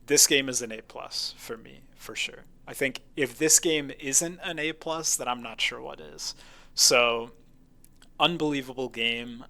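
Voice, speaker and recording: A man's voice: medium pitch, a little slow, gravelly, pushed and bright. A man co-hosting a casual video game podcast, talking with enthusiasm and emphasis. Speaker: podcast co-host. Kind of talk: casual game review chat.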